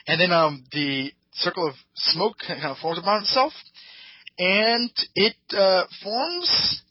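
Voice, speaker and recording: Husky man recapping a cartoon episode. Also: high voice, unhurried, dry recording, lo-fi sound. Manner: rambling, hesitant storytelling acting out the scenes. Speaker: podcast host. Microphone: podcast microphone.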